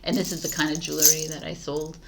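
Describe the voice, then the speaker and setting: A woman's voice: sits low, fast talker, vocal fry, a little hiss or hum. A middle-aged woman tarot reader from Canada, talking casually and passionately to her viewers, with frequent fillers. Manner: passionate, animated, laughs often, frequent "like" fillers. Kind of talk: casual spiritual talk to camera.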